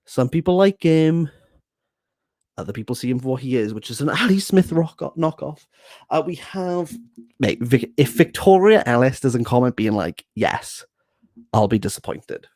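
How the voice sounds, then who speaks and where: A young Welsh book vlogger gives a bookshelf tour from a small box room at home, rambling, joking and laughing at himself. His voice is medium-pitched, sing-song and darkish at a normal speed, with no room sound.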